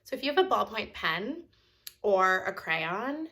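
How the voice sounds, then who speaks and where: A woman's voice: medium pitch, sing-song, measured pace, pushed and bright, slight background noise. Chatty, encouraging woman art teacher. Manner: chatty, encouraging, easily sidetracked. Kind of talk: online drawing lesson for kids.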